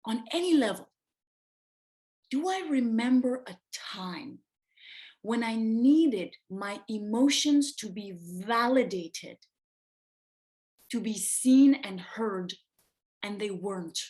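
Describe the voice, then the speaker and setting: A woman teaching a reflective self-development lesson, speaking slowly and emphatically, with pauses and repeated phrases. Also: fairly high pitch, lively intonation, a little mellow. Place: room with an open window.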